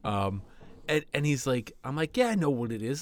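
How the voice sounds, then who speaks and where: A man's voice: mid-range voice, sing-song, fairly quick, no room sound. A man co-hosting a casual podcast, telling stories animatedly, acting out quotes and laughing often. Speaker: podcast co-host and teacher. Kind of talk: casual storytelling.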